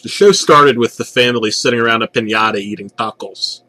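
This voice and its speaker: A man's voice: medium pitch, fairly quick, pushed and bright, no echo. A young man narrating a parody creepypasta with a sarcastic, profane delivery.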